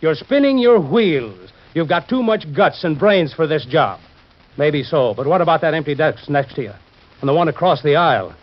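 An actor playing a stern, principled insurance company boss who talks in a firm, lecturing and sarcastic way, in 1940s radio acting style. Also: male voice, a little high, big pitch swings, normal speed. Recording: dull lo-fi old radio recording.

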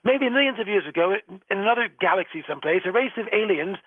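A man's voice: high-pitched, expressive, fast, no room sound, pitched above the performer's own voice. A man doing a mock English scientist voice, phone line. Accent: English, put on badly. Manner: mocking, exaggerated.

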